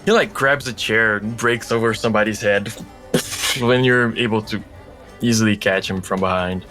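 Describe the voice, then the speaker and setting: A man's voice: on the low side, steady tone, moderate pace, bright, forceful tone, faint music behind. A man narrating as game master of a tabletop game, in loose, chatty talk with many fillers.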